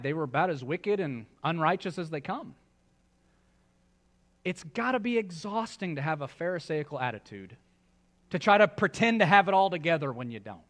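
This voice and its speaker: A man's voice: on the high side, fairly bright tone. A male pastor preaching a sermon in a church, in a conversational style with joking asides to the congregation. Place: church sanctuary.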